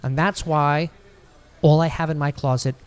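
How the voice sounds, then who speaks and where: A man's voice: on the high side, steady tone, moderate pace, clean tone. Joking, rambling man co-hosting a podcast. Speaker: podcast co-host. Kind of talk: casual chat.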